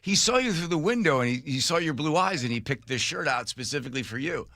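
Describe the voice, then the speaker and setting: A man hosting a talk radio show in a studio, chatting casually and telling stories, acting out quotes in a high voice and laughing often. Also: fast, dry recording. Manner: animated storyteller, acts out quotes in a high voice, laughs a lot. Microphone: studio microphone.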